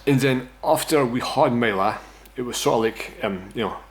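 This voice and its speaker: A man from Scotland, somewhere in his thirties, rambles through a personal anecdote for a casual vlog. His voice is medium in pitch at a normal speed, with slight background noise. He's profane and self-mocking, and he loves tagging on "right?".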